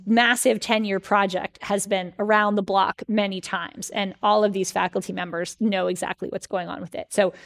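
Animated woman telling stories in an interview. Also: mid-range voice, normal speed, creaky, hardly any pauses. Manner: animated storyteller, acts out quoted letters. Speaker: guest author, historian. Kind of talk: conversational interview.

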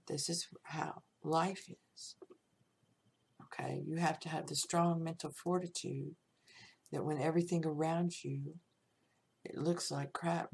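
A woman's voice: low voice, darkish tone, slight background noise. A woman hosting her own podcast, talking through life lessons in a plain-spoken, reflective monologue. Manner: slow, gravelly, plain-spoken. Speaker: podcast host.

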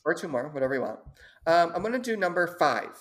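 A woman's voice: lowish voice, very animated, quick pace. A woman chatting casually and reading short horror stories aloud, laughing often and stumbling over long words.

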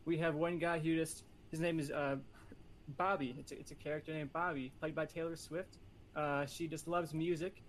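A man pitching a movie on a casual podcast, talking in a playful, rambling, competitive way. His voice sits slightly higher than most men's. Faint ambient hum runs behind him. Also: little pitch movement, moderate pace. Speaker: podcast panelist. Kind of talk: casual chat.

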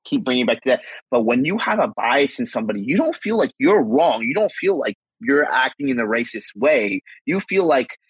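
A man's voice: medium pitch, very animated, normal speed, hardly any pauses, husky, dry recording, rough recording. A man co-hosting a podcast, talking things through in a casual, rambling way with frequent restarts. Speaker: podcast co-host.

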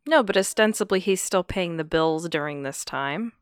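Woman, podcast co-host, wry blunt remarks, lowish voice, dry sound. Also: expressive, normal speed, smooth, no echo. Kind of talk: casual chat reacting to a story.

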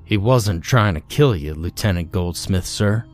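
A man voicing a giant, frightened marine who talks slowly and uneasily. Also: expressive, soft background music. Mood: quiet. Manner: slow, deep and uneasy. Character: huge, frightened male marine, very deep voice.

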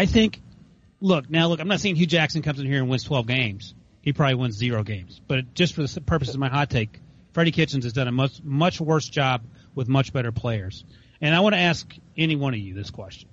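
A man's voice: medium pitch, expressive, normal speed, a little hiss or hum. Male sports podcast host, pushes strong takes, muffled remote sound. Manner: emphatic, opinionated. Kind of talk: casual sports podcast chat. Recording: lo-fi remote audio.

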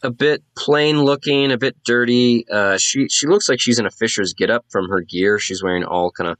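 A man's voice: mid-range voice, moderate pace, fairly bright tone, dry recording. A man narrating a tabletop game as game master, casual and full of fillers.

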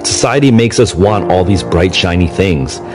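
Podcast host, male, low voice, measured scripted voice-over over a music bed.

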